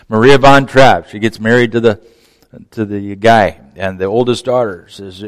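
A man preaching a sermon as pastor, animated, acting out quoted voices and dropping to near-whispers at the ends of phrases. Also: on the low side, a little slow. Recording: long reverb of a large hall.

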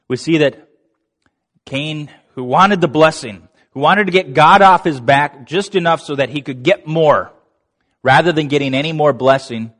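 A male preacher giving an animated sermon, acting out quoted lines with laughing asides. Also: mid-range voice. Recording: long reverb of a large hall.

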